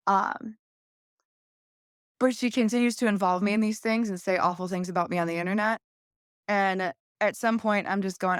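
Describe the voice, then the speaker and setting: A woman's voice: mid-range voice, fairly even intonation, normal speed, pauses often, smooth, dry recording, studio quality. A young adult woman, a podcast guest, telling a long story candidly in a casual interview and acting out quoted voices.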